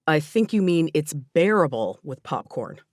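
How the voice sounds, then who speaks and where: A woman's voice: sits low, sing-song, a little slow, no room sound, studio quality. Woman voicing a teasing teenage boy. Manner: teasing, wisecracking.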